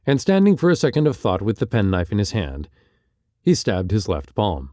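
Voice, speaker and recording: Expressive, dark-voiced male narrator. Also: lowish voice, no echo, clean studio sound. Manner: measured, expressive literary reading. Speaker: audiobook narrator. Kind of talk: audiobook narration.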